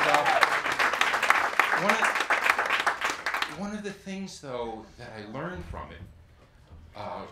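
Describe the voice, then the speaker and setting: A man's voice: a little high, background noise. A man telling a chatty, self-deprecating anecdote to a live audience from a theater stage. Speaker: stage performer at an event. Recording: roomy hall, distant mic, music behind.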